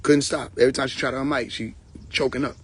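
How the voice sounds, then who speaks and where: On a live stream, a man spins comic stories, playing both sides of each conversation and laughing a lot. His voice is medium-pitched and slightly rough, with fairly even intonation and a fast delivery. It's a casual storytelling session picked up on a phone mic.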